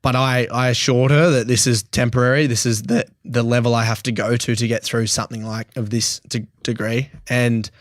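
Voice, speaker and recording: A man's voice: mid-range voice, steady tone, normal speed, few pauses, dry recording, clean studio sound. A young Australian man in his twenties, a podcast guest, telling a story bluntly and emotionally, swearing freely and laughing often. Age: 20s. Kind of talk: candid podcast interview.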